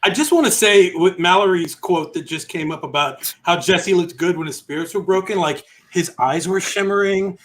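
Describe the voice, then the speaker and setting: A man's voice: high-pitched, moderate pace, hardly any pauses, a bit bright. A man who once played the game, talking as a podcast guest with playful, joking asides. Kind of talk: casual podcast chat.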